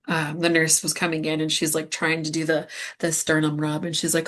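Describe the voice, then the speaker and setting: Low-voiced woman sharing a personal story. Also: flat delivery, fairly bright tone. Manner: candid, halting, with many fillers. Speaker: guest medium.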